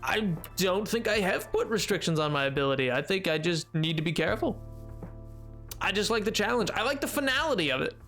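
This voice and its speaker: A man's voice: high voice, expressive, a little fast, fairly bright tone, soft background music. A man streaming a game live, reading chat and answering in a playful, jokey way.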